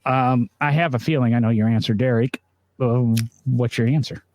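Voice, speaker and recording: A man's voice: mid-range voice, steady tone, moderate pace, a little mellow, no echo, lo-fi sound. A man co-hosting a casual podcast, chatty and often laughing as he talks. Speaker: podcast co-host. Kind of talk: casual chat. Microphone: video call with green screen.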